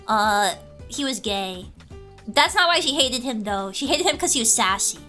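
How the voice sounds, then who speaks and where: A woman's voice: fairly high pitch, moderate pace, soft background music. A young woman streamer chatting casually and telling stories, laughing often. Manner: giggly, animated storytelling. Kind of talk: casual chat with chat.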